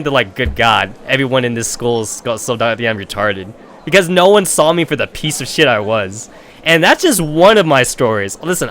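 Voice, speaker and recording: A man's voice: on the high side, a bit bright. Profane, rambling young man streamer. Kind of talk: casual storytelling on a game stream.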